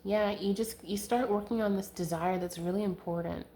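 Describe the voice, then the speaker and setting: A woman's voice: medium pitch, fairly even intonation, moderate pace, warm tone, slight background noise. A young woman giving a casual tarot reading to camera, chatty and giggly, full of fillers, talking into a handheld camera. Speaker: tarot reader. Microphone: handheld camera mic.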